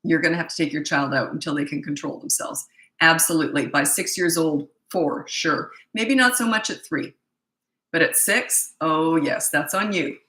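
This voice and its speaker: Blunt, bright-voiced parenting coach woman. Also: low-pitched, moderate pace, reverberant, rough recording. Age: middle-aged. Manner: blunt, emphatic and repetitive. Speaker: parenting coach answering viewer questions. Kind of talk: casual live Q&A.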